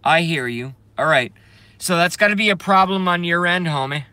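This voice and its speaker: Fairly high in pitch, his voice is sharp yet smooth, with no echo. He's a man on a relaxed live stream who rambles, swears, reads the chat aloud, and laughs often, repeatedly cutting himself off and drawing out trailing fillers.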